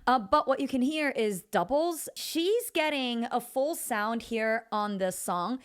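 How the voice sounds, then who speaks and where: A woman vocal coach talks through a singing lesson in a chatty, expressive way, thinking aloud as she goes. Her voice sits a little high, and her pitch swings widely from phrase to phrase. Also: unhurried, smooth.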